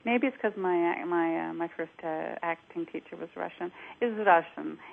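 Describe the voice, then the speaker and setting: Animated Cockney woman coach, lowish voice, heard over phone line. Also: normal speed, gravelly. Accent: English, Cockney. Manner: animated, repeats herself, demonstrates sounds. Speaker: accent coach, radio guest. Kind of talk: radio interview.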